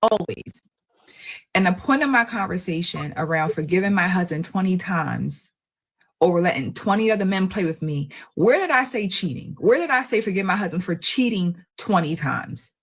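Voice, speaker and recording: Husky woman lecturing viewers. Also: lowish voice, lively intonation, normal speed. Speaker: relationship commentator. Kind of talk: responding to comments.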